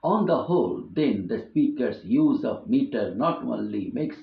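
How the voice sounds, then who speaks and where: A man from India, an English professor giving an online lecture on poetry, halting often with fillers and restarts. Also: mid-range voice, lively intonation, vocal fry. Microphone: online class recording. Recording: roomy, phone-like lo-fi audio.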